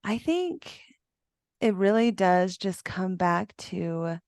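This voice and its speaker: A woman in her forties, a podcast guest and trauma embodiment coach, answering slowly and thoughtfully about healing and feeling things in her body. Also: fairly low pitch, animated, darkish tone, clean tone, no room sound, clean studio sound. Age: 40s. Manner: slow, searching, emotional talk about the body. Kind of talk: reflective interview answer.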